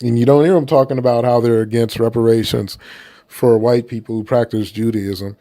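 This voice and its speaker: A man's voice: medium pitch, steady tone, fairly quick, warm tone. A man from the United States giving casual opinion commentary in a blunt, profane and rambling way.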